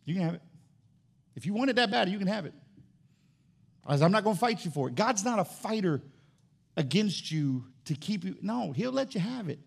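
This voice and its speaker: A man's voice: high-pitched, big pitch swings, normal speed, creaky, pauses often, husky. A man preaching a sermon as pastor, building in intensity and acting out back-and-forth dialogue.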